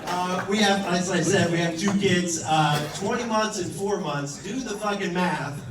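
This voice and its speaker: A man's voice: sits high, a little slow. Profane man in his thirties doing stand-up. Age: 30s. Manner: profane, exasperated storytelling with acted-out quotes. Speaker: stand-up comedian. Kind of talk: stand-up set. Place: comedy club stage with a laughing audience. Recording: echoey room, mic heard from a distance, crowd laughter.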